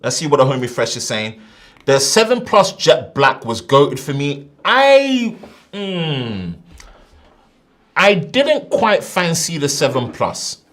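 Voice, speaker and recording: A man hosts a relaxed tech live stream in plain casual chat. His voice sits at an ordinary middle pitch, and he talks in an animated, slangy way. He swings between loud outbursts and quiet mumbled asides into a desk microphone. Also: a little slow.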